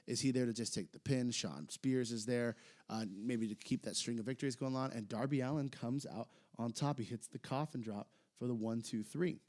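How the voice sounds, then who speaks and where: A man's voice: medium pitch, moderate pace. Rambling man co-hosting a chat podcast. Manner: rambling, hesitant, gets excited. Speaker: podcast co-host. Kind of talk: casual chat recapping wrestling.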